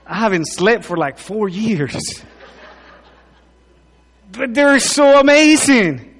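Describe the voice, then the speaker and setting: A man, preaching a conversational sermon into a handheld mic, joking, then swinging from loud emphatic lines to quiet asides. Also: sits high, sing-song, slow pace, long pauses. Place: church hall. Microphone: handheld microphone. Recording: long hall reverb.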